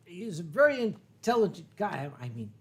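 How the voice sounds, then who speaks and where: A man's voice: high-pitched, sing-song, brisk. Rambling, swearing host man. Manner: rambling, swearing, many fillers and restarts. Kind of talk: casual drunken chat.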